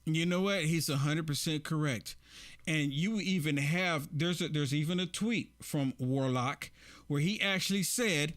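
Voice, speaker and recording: High-voiced, emphatic male commentator. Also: measured pace, a bit bright. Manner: emphatic, repeats rhetorical questions to viewers. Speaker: political commentary host. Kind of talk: opinion commentary reacting to clips.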